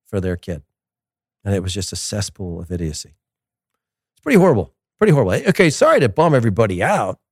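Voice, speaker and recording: A man's voice: on the low side, darkish tone, no echo. Man, former soccer coach, impassioned rant, emphatic, dry close sound. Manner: ranting, emphatic, repeats words. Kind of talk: impassioned monologue.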